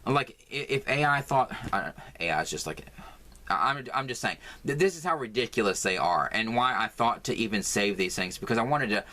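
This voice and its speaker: Rambling, exasperated man with a bright voice. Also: on the low side, lively intonation, a little fast. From United States. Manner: rambling, filler-heavy, exasperated. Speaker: crafting vlogger. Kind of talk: casual vlog monologue. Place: home craft room.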